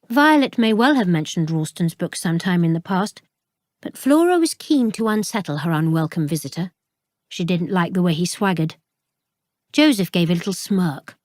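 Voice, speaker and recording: A woman reading a mystery audiobook aloud, measured and even in her storytelling. The sound is dry and close, with no room echo. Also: fairly low pitch. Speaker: audiobook narrator. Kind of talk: scripted narration.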